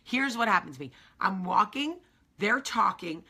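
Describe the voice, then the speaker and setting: A woman hosting a vlog tells a story to her viewers in a lively, chatty way, swearing freely as she goes. Her voice is bright and forceful, with a gravelly, husky edge and plenty of vocal fry. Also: medium pitch, normal speed. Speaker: vlog host. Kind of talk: casual storytelling to camera.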